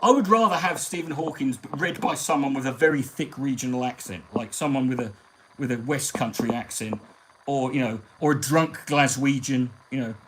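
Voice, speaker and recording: A man hosting a live stream, talking in a rambling, sweary, animated way. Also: mid-range voice, moderate pace, background noise. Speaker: comedian and live-stream host. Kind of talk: casual live-stream chat.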